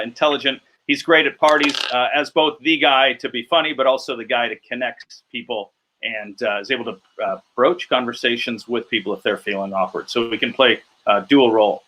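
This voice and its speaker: A man's voice: mid-range voice, brisk, sharp tone, slight background noise. A man speaking as a guest on a comedy panel show, earnest with small hesitations.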